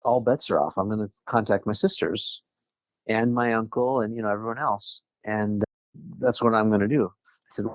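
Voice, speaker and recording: With a lowish voice at a moderate pace, this podcast guest from Southern California chats through a personal story. He quotes what others said and laughs lightly from time to time, and the recording is dry.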